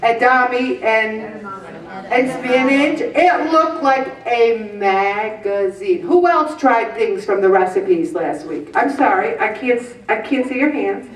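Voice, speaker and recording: A woman's voice: fairly high pitch, lively intonation, slow. A woman in her fifties giving a preachy motivational talk to a group, earnest, with humorous asides. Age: 50s. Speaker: weight-loss group leader. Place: meeting room with an audience. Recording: echoey room, voice from a distance.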